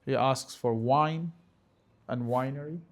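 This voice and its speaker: A man giving a religious lecture, talking emphatically and sometimes rising to forceful scolding, with Arabic phrases mixed in. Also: mid-range voice, slow pace. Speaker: religious teacher.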